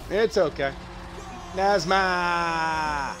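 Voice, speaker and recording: A man's voice: sits high, extremely slow, noisy background. A man casually commenting on a video game he is playing, breaking into playful mock-announcer calls and exclamations. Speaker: gamer doing play-by-play.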